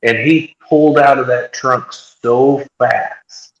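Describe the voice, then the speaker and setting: A man telling a story in casual chat, animated, and acting out what other people said. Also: mid-range voice, slow pace, lo-fi sound, a little hiss or hum. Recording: echoey room.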